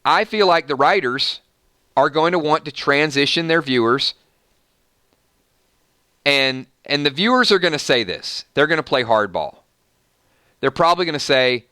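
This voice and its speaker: A man with a Southern US twang hosts a livestream and rants emphatically at his viewers. His voice is bright and forceful, smooth and crisp. It sounds dry and close. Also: fairly high pitch, animated, moderate pace, long pauses, no room sound. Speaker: YouTube channel host. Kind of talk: livestream commentary and ranting.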